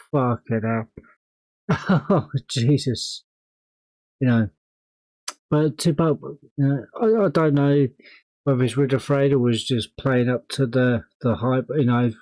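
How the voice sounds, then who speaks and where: A man's voice: mid-range voice, darkish tone, no room sound, rough recording. A man hosting a music reaction video, talking in a rambling, casual way with plenty of swearing and laughter.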